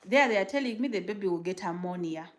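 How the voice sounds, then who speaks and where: A woman from Uganda, chatting casually on a livestream as a new mother, rambling and animated while reading viewer comments. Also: medium pitch, fast talker.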